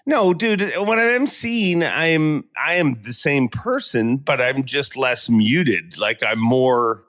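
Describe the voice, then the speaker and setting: A man chatting casually as a podcast host. He talks in an animated, joking way, his pitch swinging widely as he rambles through restarts. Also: takes it slowly. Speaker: podcast host and tournament emcee. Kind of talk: casual chat.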